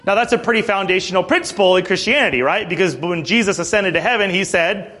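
Male pastor, high voice, chatty preaching that breaks scripture down plainly. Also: quick pace, pushed and bright. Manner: conversational preaching with asides and acted quotes. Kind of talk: sermon.

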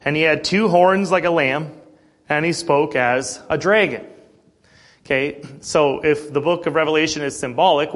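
A man with a slightly higher voice leads a morning Bible class in an easy, conversational way. He clears his throat often and checks in with his listeners, asking "okay?" and "right?". When he reads scripture, he slows down to lean on the key words. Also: fairly bright tone. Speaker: Bible study teacher.

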